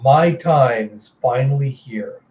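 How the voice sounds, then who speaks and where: A man voicing a scheming, cruel young woman, a villain who talks with slow, drawn-out menace. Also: mid-range voice, roomy sound, lo-fi sound, natural voice. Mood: menacing.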